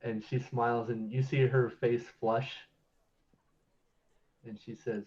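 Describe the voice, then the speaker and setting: A man's voice: mid-range voice, flat delivery, slow, long pauses, a little mellow. Guy running a tabletop game, casual and jokey, dull lo-fi sound, faint music. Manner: casual, laughing, self-correcting. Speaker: game master.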